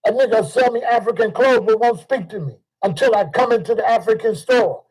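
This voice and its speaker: An older man. His voice sits high for a man. He delivers a heated, profane monologue and circles back to the same points again and again. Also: brisk, darkish tone, slightly rough, low-quality recording. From Chicago. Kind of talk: ranting monologue.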